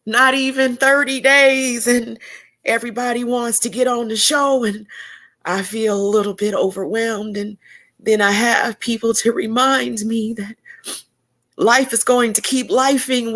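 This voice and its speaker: A woman's voice: fairly high pitch, pushed and bright. A woman hosting a podcast interview, speaking with heartfelt, faith-filled encouragement. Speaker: podcast host.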